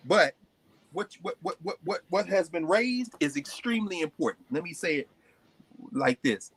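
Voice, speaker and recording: A man's voice: high-pitched, very animated, moderate pace, creaky, breathy edge. A man hosting a live class, talking emphatically and often repeating words as he builds a point. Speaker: host and lecturer. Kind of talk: animated classroom talk.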